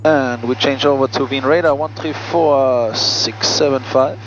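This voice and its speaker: The lo-fi audio, with a noisy background, captures a man in a small plane's cockpit crisply reading checklists and making friendly asides to his vlog audience as a pilot and host. His mid-range voice is steady in tone and unhurried.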